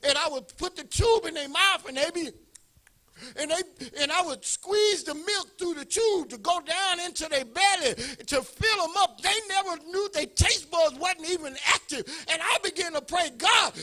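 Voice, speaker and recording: A man preaching in a very high, bright, forceful voice. He tells his story with animated energy and swells into shouts as he goes. It sounds like a pastor speaking to his congregation. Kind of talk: storytelling sermon.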